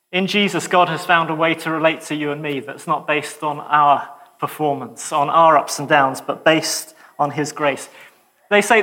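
Bright-voiced male preacher, chatty sermon. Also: high-pitched, long reverb tail. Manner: lively, conversational, joking asides.

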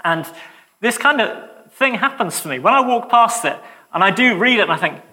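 A man preaching a sermon in a lively, conversational way, with joking asides to the congregation. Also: high-pitched, normal speed, long reverb tail.

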